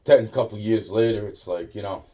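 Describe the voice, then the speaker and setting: Guy rambling thru a story, low mellow voice, swears nonstop, keeps trailing off. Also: fairly quick. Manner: meandering, heavy swearing, trailing off into repeated fillers.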